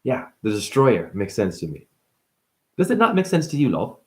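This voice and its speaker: A male spiritual vlogger talks in a loose, playful monologue, his pitch swinging high and low all the time. He jumps from point to point and calls his listeners honey. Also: huge pitch swings, moderate pace, a little mellow. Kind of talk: casual monologue.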